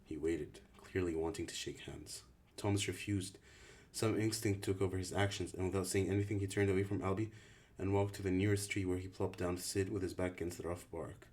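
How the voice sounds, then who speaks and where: A man narrates an audiobook in a deep, low voice. His storytelling stays even and steady throughout. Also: brisk. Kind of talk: audiobook reading.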